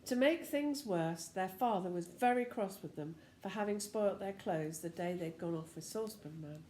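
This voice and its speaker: An older woman reading a children's storybook aloud as a lively storyteller who talks to the listener. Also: medium pitch, normal speed, reverberant.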